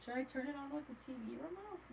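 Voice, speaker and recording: A woman's voice: sits high, expressive, quick pace, vocal fry, noisy background. Chatty young woman gamer, swearing freely. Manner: chatty, swears and laughs often. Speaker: gaming streamer. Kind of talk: casual gameplay chat.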